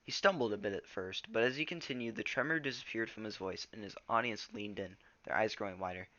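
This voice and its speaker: A man's voice: lowish voice, fast, pushed and bright, no echo, muffled recording. A man reading a storybook aloud in a casual way, stumbling over words now and then. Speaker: reader.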